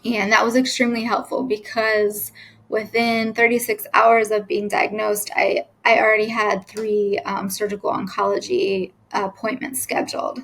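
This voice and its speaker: A woman in her thirties, a nurse and cancer patient, recounts her diagnosis in a halting, earnest way with many fillers and restarts, emotional at times. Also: medium pitch, gravelly, fairly bright tone, low-quality recording. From United States. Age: 30s. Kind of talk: personal story told to camera.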